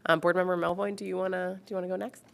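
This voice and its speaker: Low-voiced woman chairing a meeting. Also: little pitch movement, creaky. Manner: warm, halting, many fillers. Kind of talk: formal public meeting. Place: board meeting room.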